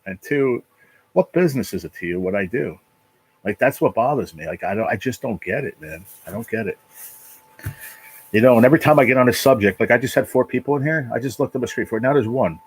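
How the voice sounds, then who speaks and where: Another stretch from the channel host at home in his apartment: medium-pitched and husky, he rambles emotionally and casually, stumbling, circling back over the same points, and cursing heavily. The recording quality is low.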